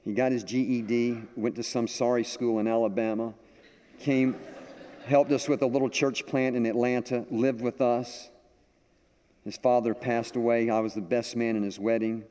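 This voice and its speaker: An older man preaching a sermon, telling a story with animated delivery to a congregation. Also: medium pitch, normal speed. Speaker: pastor. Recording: echoey hall with long reverb.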